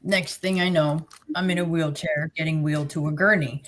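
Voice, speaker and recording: Speaking at a moderate pace with fairly even intonation, a low-voiced, middle-aged Jersey woman with a matching accent bluntly and sarcastically recounts her personal story as a guest, keeping it plain-spoken.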